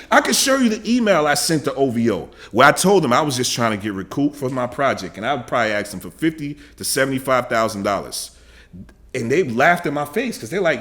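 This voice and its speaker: A man's voice: on the high side, sing-song, brisk. Angry guy ranting on his reaction vlog, cussing, repeating himself, voice jumping way up and down. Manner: heated, profane, repeats himself, shouts in bursts. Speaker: reaction video host.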